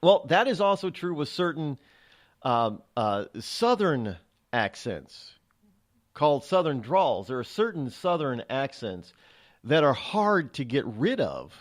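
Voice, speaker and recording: A man's voice: medium pitch, very animated, takes it slowly. Rambling New man hosting a show. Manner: rambling, chatty, frequent restarts. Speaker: radio show host. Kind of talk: casual monologue.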